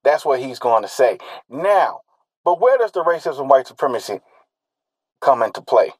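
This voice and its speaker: A man's voice: mid-range voice, very animated, normal speed, husky, no echo, low-quality recording. A man delivering a solo commentary monologue, emphatic and repetitive, drawing out stressed words and firing rhetorical questions.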